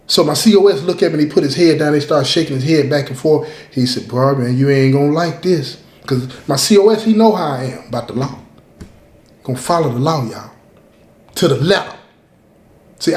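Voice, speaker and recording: A man's voice: a little high, echoey room. A man hosting his own show, telling a story in a casual, emphatic way, repeating points and talking straight to his listeners. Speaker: host, storyteller.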